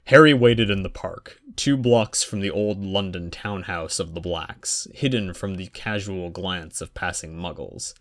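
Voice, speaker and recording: A man narrating a fan fiction audiobook in a wry, even storytelling manner. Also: low-pitched, unhurried, hardly any pauses.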